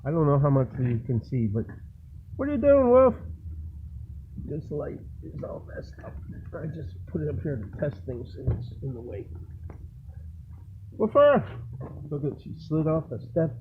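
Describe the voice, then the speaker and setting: A man chatting casually to his dog in a home vlog, jumping up into high coaxing tones when he talks to her. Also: normal speed. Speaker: vlogger. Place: doorway into a snowy, windy yard. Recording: tinny phone-like recording with faint noise. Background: faint wind noise.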